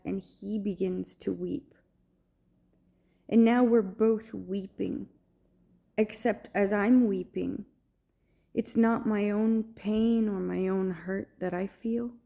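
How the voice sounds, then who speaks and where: A woman speaks to camera, slowly recounting a dream. Her voice is dark and mellow, with a gravelly edge, and she stops often to find the next word. She keeps her tone earnest and sometimes drops to a hushed softness. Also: mid-range voice. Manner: halting, earnest, searching for words. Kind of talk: personal storytelling to camera.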